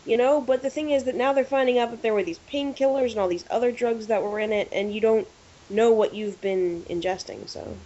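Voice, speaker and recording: A woman co-hosting a podcast in casual chat, an animated storyteller who acts out what people said. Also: on the high side, a little fast. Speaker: podcast co-host. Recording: lo-fi with faint hiss.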